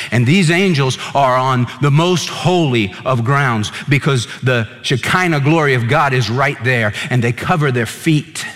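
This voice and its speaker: A man's voice: medium pitch, unhurried, hardly any pauses, fairly bright tone, big-room sound. A man preaching a sermon as pastor, emphatic and repeating words for stress.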